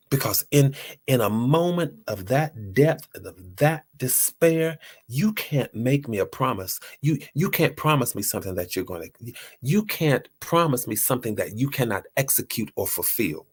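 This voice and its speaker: A man's voice: medium pitch, animated, normal speed, husky. A man hosting a motivational talk, earnest and repeating his phrases for emphasis. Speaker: host.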